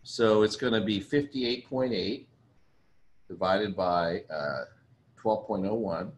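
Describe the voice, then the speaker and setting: Male chemistry teacher, lowish voice, casual, chatty, thinks aloud. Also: takes it slowly. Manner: chatty, apologetic, thinks aloud while writing. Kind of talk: casual recorded lecture.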